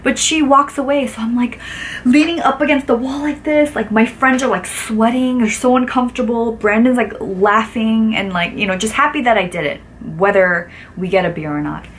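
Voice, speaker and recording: A woman in her thirties telling a story in a casual vlog, lively and full of "like" fillers, acting out what people said. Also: on the high side, normal speed, a little hiss or hum. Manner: animated, acts out quotes with lots of "like" fillers. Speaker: vlogger.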